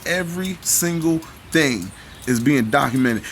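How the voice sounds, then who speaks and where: A man's voice: medium pitch, lively intonation, normal speed, fairly bright tone, slight background noise. A man ranting in live commentary, heated and profane, preaching at his viewers between clips.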